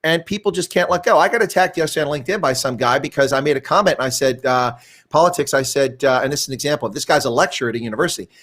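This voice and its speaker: A man's voice: mid-range voice, very fast, a bit bright. An older man, a guest in a conversational interview, telling stories at length and often restarting his sentences. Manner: rambling storyteller, frequent restarts.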